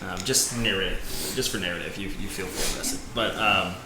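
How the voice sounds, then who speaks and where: A man narrating a tabletop game as game master, halting and rambling with many fillers. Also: sits low. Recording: echoey room with background noise.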